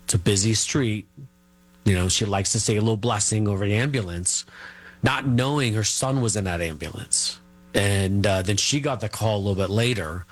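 Man, middle-aged, lowish pitch, interview guest, halting, rambling storyteller. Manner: rambling, halting, full of fillers and restarts.

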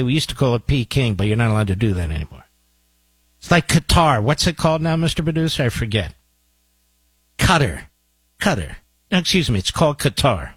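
A man's voice: on the high side, a bit bright, breathy edge, dry recording. A man hosting a talk radio show, delivering a combative, sarcastic monologue with mocking asides to his producer. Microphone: studio microphone.

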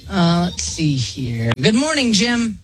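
A man's voice: sits high, sing-song, slow pace. A man hosting a morning radio show, casually taking callers. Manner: easygoing, greets callers. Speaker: radio host.

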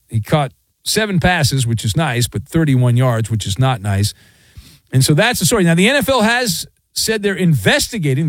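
A man's voice: medium pitch, dry recording. A middle-aged man hosting a sports talk radio show, ranting in a sarcastic, mocking way. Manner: sarcastic, mocking, animated rants. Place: radio studio.

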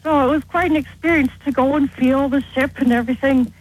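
A woman from Canada calling in to a radio show, telling her story in a halting, hesitant way. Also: sits high, fairly even intonation, low-quality recording. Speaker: caller. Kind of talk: phone-in chat.

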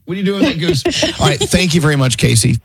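Male radio call-in host, joking, upbeat tone, higher voice with a very animated pitch. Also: over a noisy crowd. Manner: joking, quick reactions.

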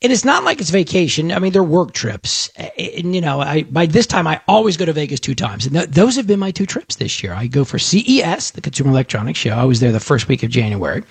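A male talk radio host with a high, gravelly voice and a husky edge. He rambles and jokes his way through the talk, with plenty of restarts. The studio sound is dry and close. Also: big pitch swings, quick pace, few pauses, no echo. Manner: chatty, joking, rambling with fillers and restarts. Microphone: studio microphone.

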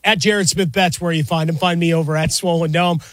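A man's voice: a little high, fairly even intonation, a little fast, a bit bright, dry recording, studio quality. A man co-hosting a sports talk show, upbeat and chatty as he leads into segments.

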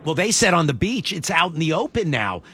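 A man's voice: a little high, sing-song, pushed and bright, husky. A man hosting a morning radio show, joking and quizzing a caller in casual banter. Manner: playful, joking, quick questions. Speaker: radio host.

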